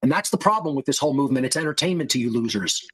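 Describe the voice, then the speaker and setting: A man's voice: medium pitch, expressive, rapid-fire, fairly bright tone, husky. A man hosting a podcast, lecturing his listeners in a heated, contemptuous rant full of insults and profanity. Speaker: podcast host.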